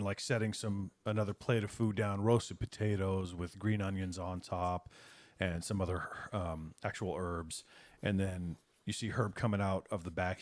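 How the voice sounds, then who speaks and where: A man's voice: low-pitched, no echo. A man narrating a tabletop game as game master, casual and loose with fillers.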